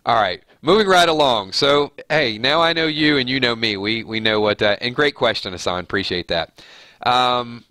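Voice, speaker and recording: A man's voice: mid-range voice, normal speed, pushed and bright, no room sound, studio quality. A man with a nasal voice hosting a live stream, chatting casually and reading viewer comments aloud with easy laughs.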